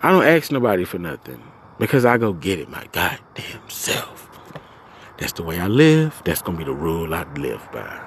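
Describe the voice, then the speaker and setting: A man hosting a podcast, ranting angrily and profanely, swinging from low muttering to loud outbursts. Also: huge pitch swings, normal speed, slight background noise. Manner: profane, venting, swings between muttering and shouting. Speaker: podcast host. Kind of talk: angry solo podcast rant.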